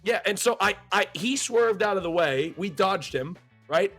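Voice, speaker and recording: A man from the United States hosts a casual streamed chat. His voice sits high and he talks with playful energy, circling back over the same words. Soft music plays faintly behind him. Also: moderate pace, slightly rough. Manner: energetic, joking, repeats himself. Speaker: stream host.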